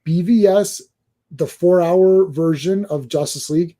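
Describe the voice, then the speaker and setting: Man, podcast co-host, casual chat, mellow tone, animated, mocking put-on voices. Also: sits high, unhurried. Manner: animated, mimics fans in mocking quoted voices.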